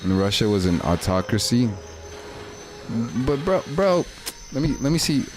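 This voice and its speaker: A man's voice: medium pitch, very animated, normal speed, background noise. A young man, chatting casually and rambling in slang while livestreaming a game. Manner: slangy, rambling, laid-back. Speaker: streamer.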